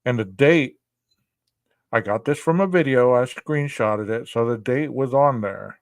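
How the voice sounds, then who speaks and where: A man's voice: mid-range voice, measured pace, no room sound. A man co-hosting a podcast, commenting casually and talking straight to his listeners. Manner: chatty, addresses listeners directly. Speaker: podcast co-host.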